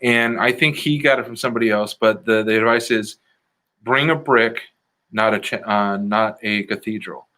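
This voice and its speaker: Earnest man with a bright voice, from the Chicago area. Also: on the low side, normal speed. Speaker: improv comedian guest. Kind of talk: casual interview answers.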